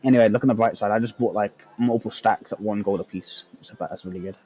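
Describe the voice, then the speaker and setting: A man's voice: lowish voice, fairly even intonation, fast talker, warm tone, lo-fi sound, faint music behind. A man on voice chat talking casually while he plays, rambling and thinking aloud with lots of fillers. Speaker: gamer on voice chat.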